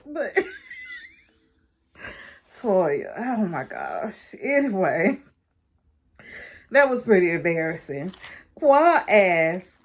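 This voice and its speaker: A woman's voice: mid-range voice, a bit bright. A woman recapping a reality show in casual, gossipy talk, laughing often. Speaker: recap vlogger.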